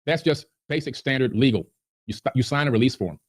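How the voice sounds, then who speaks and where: A man's voice: mid-range voice, a little fast. A man on a podcast, ranting in a heated, indignant way. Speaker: podcast guest. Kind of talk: agitated podcast rant.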